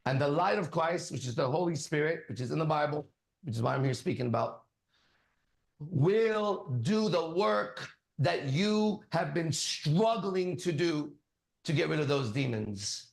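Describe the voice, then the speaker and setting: A man's voice: on the high side, lively intonation, a little slow, gravelly. A man preaching as a spiritual teacher, emphatic and commanding, hammering on repeated phrases. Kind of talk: preaching to a listener. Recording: echoey room.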